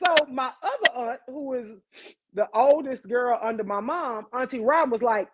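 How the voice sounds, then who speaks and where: Woman host on a podcast, kinda high voice, animated storytelling, lots of swearing, keeps talking to "y'all". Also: moderate pace, highs cut off, heavy background noise. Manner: animated, profane, talks straight to listeners. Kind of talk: casual comic storytelling.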